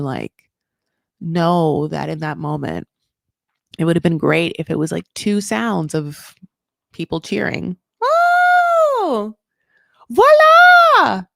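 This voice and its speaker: A woman with a fairly low voice gives a loose, rambling recap, packed with fillers and casual swearing. She jumps into high mock voices to act out quotes. The sound is close and dry. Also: creaky, darkish tone, dry recording. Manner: chatty, full of "like" fillers, swears freely. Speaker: recap show host.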